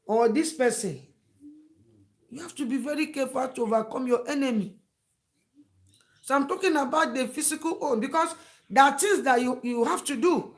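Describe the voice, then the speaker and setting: A woman's voice: sits high, normal speed, pauses often. A woman giving emphatic, repetitive advice to camera and acting out the words of friends. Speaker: advice vlogger. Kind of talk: preachy advice talk to camera.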